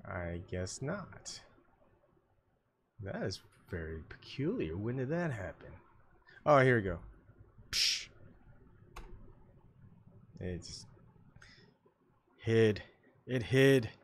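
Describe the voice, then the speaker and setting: A man hosting a solo livestream, muttering his thoughts and asides to himself, often coughing and clearing his throat, on a desktop microphone at home. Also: lowish voice, big pitch swings, very slow, pauses often, slight background noise. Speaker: livestream host. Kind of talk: rambling solo livestream chat.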